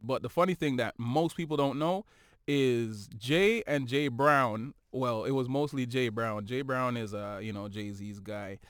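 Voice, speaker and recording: A man talks through his stories in a relaxed, animated way, often tagging on "you know what I'm saying". His voice sits mid-range and comes through smooth and clear. The recording is dry and close. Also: mid-range voice, unhurried, dry recording. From Toronto, Canada. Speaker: guest musician. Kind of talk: casual interview chat.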